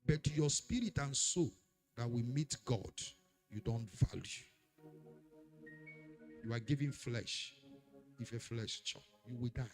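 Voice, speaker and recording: A man preaching a sermon, swinging between loud declarations and hushed warnings. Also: medium pitch, slow pace, long pauses, soft background music. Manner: dramatic, swings from shouting to hushed. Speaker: pastor.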